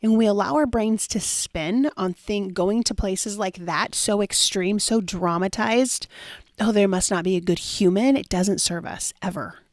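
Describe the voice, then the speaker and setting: Animated woman podcaster, dry close sound. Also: mid-range voice, measured pace, dry recording. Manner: animated storytelling, many fillers, dramatic quoted asides. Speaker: podcast host and life coach. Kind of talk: solo podcast monologue.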